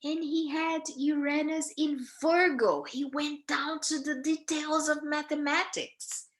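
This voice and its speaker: A woman teaching astrology to a group, talking with many fillers, pauses and restarts. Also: sits high, fairly even intonation. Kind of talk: live group talk on astrology. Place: United States.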